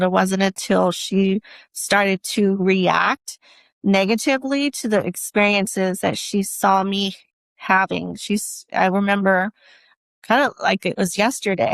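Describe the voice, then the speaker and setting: Woman guest, emotional, earnest, keeps restarting her sentences, average pitch. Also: creaky, dry recording. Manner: earnest, halting storytelling with frequent restarts. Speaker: interview guest. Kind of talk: personal testimony in a conversation.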